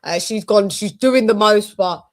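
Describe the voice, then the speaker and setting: Woman host, mid pitch, chatty live-stream boxing talk, jokes and swearing. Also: measured pace. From United Kingdom. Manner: loose, jokey, swearing, drifting between topics. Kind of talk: casual live-stream chat.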